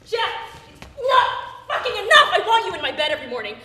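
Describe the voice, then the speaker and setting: A fiery, grieving woman on stage who swears and jabs with sarcasm. Her high voice leaps up and down with feeling. The sound is roomy and distant, taken from far off the stage with a faint hiss. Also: very animated, fast, bright, forceful tone, full character voice. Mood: defiant. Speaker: stage actor. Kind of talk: live stage drama. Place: theater stage.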